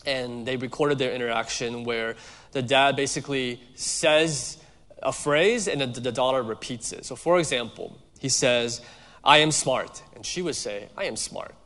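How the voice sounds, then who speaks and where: A man's voice: mid-range voice, normal speed, fairly bright tone. A male pastor preaching a sermon in a conversational way, weaving in personal stories. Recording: long hall reverb.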